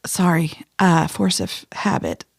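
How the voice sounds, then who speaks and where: A woman narrating a tabletop game as game master, explaining in a relaxed way. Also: on the low side, takes it slowly, gravelly, breathy edge, no echo, clean studio sound.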